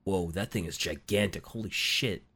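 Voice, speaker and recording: A man's voice: sits low, normal speed, a bit bright. A man co-hosting a casual podcast chat, reacting often with laughter and surprised swearing. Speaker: podcast co-host.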